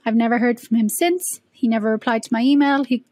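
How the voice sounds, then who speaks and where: A woman's voice: a little high, fast, darkish tone, dry recording. A woman guest on a podcast, chatting casually and animatedly, laughing and acting out her own past questions. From Ireland. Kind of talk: casual conversational interview.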